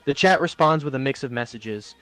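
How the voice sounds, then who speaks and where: A man's text-to-speech voice acting as an AI chatbot co-host, narrating its own actions in the third person with smooth, even delivery. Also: medium pitch, a little fast, faint music behind.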